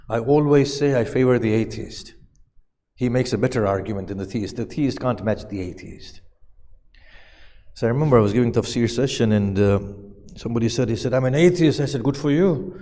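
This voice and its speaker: The speaker is a man with a warm, mid-range voice giving a Muharram lecture about Quranic verses. Reciting verses, translating them, and questioning his listeners, he's heard through a long hall reverb.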